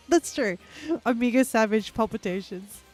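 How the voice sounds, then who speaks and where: A woman's voice: fairly high pitch, very animated, slow, soft background music. A young woman streamer giving giggly, chatty let's-play commentary and reading her chat aloud.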